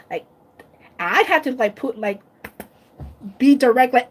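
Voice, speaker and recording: A woman's voice: sits high, lively intonation, takes it slowly, long pauses. A woman vlogger chatting casually on a live stream, emotional and tearful, gushing and laughing often.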